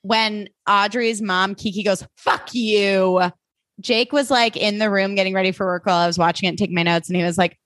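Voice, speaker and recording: A woman's voice: mid-range voice, fairly even intonation, fast, few pauses, fairly bright tone, no room sound, studio quality. A young woman co-hosting a podcast, chatting casually and swearing freely as she laughs through an episode recap. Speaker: podcast co-host.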